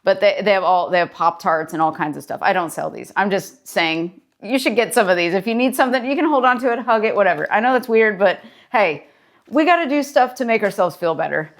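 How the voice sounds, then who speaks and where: Animated and brisk, a woman therapist with a medium-pitched voice tells a story in her casual daily vlog. She keeps things chatty and encouraging, captured on a personal mic.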